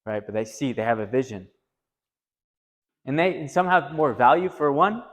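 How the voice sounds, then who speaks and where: Retreat leader, male, mid-pitched, tells stories in an animated way with lively quoted voices, recorded with a long hall echo. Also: moderate pace. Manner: animated, rising pitch when quoting. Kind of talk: storytelling to a group. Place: retreat meeting room.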